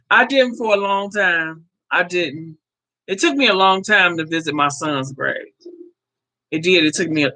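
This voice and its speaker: A woman's voice: sits low, pushed and bright, low-quality recording. A woman in her fifties hosting a casual livestream, speaking heartfelt and direct to her viewers, often repeating herself. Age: 50s. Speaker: livestream host. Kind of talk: casual live-stream chat with viewers.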